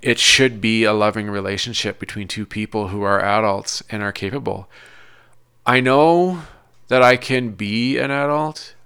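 Man, gravelly with a bright edge, hesitant confessional vlog. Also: fairly low pitch. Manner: hesitant, halting, searching for words. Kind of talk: personal confessional monologue.

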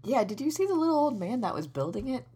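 An actress playing a scatterbrained schemer who rambles and hesitates, in a comedy audio drama. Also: female voice, fairly high pitch, big pitch swings, quick pace, mellow, husky, heavily acted. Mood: rambling. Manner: rambling, hesitant, full of ums. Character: scatterbrained adult woman schemer.

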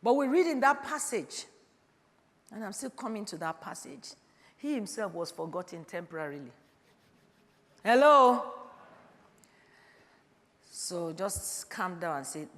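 A woman's voice: mid-range voice, expressive, unhurried, long pauses. Fifty-year-old woman preaching in a hall. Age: 50s. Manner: calls out "Hello?" to the congregation, swings from loud to quiet. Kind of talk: sermon. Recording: long hall reverb.

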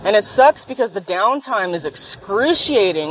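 A woman's voice: mid-range voice, lively intonation, normal speed, hardly any pauses. A woman vlogging in a car after a sleepless night, ranting in a blunt, profane and irritable way. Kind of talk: casual rambling monologue. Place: in a car while driving. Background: faint road and vehicle noise.

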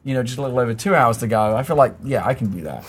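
A sleep-deprived man hosting a casual chat, reflective and animated, laughing often. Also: medium pitch, racing, breathy edge. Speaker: host.

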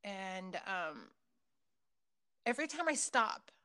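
A woman telling personal stories in a loose, casual chat, swearing freely and filling pauses with ums and likes. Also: mid-range voice, big pitch swings, sharp tone, smooth. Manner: filler-heavy, with frequent ums and likes.

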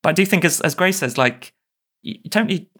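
A man's voice: on the high side, lively intonation, fast, fairly bright tone, breathy edge. A man talking casually as a guest on a group podcast, rambling and filling his speech with "like". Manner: rambling, fills with "like". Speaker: podcast guest, tabletop player.

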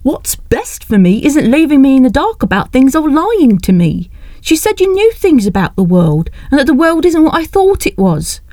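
Indignant young woman, voiced by a female narrator, higher pitch, audiobook dialogue. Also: no room sound. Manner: indignant, sharp-tongued. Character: fiery frustrated young woman. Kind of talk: audiobook character reading.

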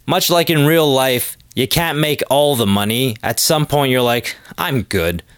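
A man's voice: medium pitch, unhurried, clear, resonant tone, no echo, clean studio sound. A young man hosting his own podcast, rambling casually and making self-deprecating jokes. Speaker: podcast host. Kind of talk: casual solo monologue.

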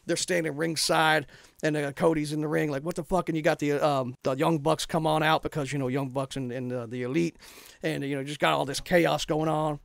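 A man's voice: fairly high pitch, fairly quick, creaky, no echo, clean studio sound. A man co-hosting a wrestling podcast, telling wild made-up scenarios in casual chat. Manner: animated storyteller, acts out scenes.

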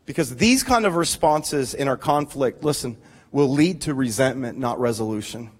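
A man in his forties preaching a sermon, telling animated, joking stories about his own marriage with frequent restarts. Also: mid-range voice, moderate pace, breathy edge. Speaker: pastor.

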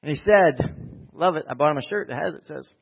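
A male pastor from New Jersey giving a conversational sermon that swings from quiet asides to loud exhortation. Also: on the high side, animated, fairly quick, creaky, breathy edge, dull audio.

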